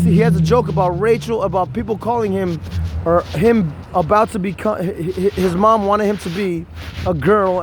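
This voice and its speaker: High-voiced rambling man outdoors. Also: a little hiss or hum. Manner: rambling, restarts, stoner banter. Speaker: vlogger. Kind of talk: rambling casual monologue to camera.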